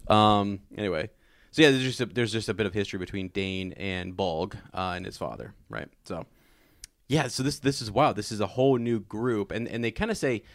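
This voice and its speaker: A man co-hosting a podcast, chatting about a book and reading passages aloud slowly and dramatically, laughing easily. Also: lowish voice, expressive, no room sound, clean studio sound. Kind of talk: casual book discussion with read-aloud passages.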